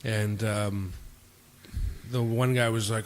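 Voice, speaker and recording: A man hosting a podcast, telling stories in a relaxed way, swearing and acting out quotes. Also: fairly low pitch, unhurried, pauses often. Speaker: podcast host. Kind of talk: casual storytelling. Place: indoors, home.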